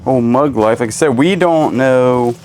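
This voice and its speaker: A storage unit reseller hosts a relaxed unboxing, unpacking items while making goofy, joking remarks. His mid-range voice is a little mellow and keeps a measured pace. Birds chirp amid faint background noise.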